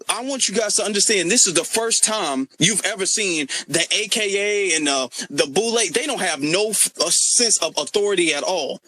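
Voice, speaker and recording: A man's voice: high-pitched, normal speed, hardly any pauses, pushed and bright, no room sound. A man giving impassioned political commentary in an audio chat room, emphatic and repetitive.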